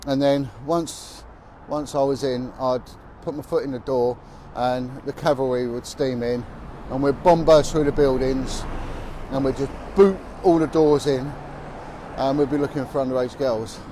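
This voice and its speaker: A man's voice: medium pitch, steady tone, a little slow, warm tone, a little hiss or hum. A man who is a former police officer, telling stories bluntly and with emphasis as he walks down a city street. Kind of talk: walking vlog monologue.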